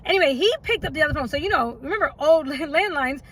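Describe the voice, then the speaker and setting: A woman's voice: high-pitched, lively intonation, fast talker, fairly bright tone, low-quality recording. A woman telling her own life story in a casual storytime vlog, chatty and rambling, often stopping for asides and laughs.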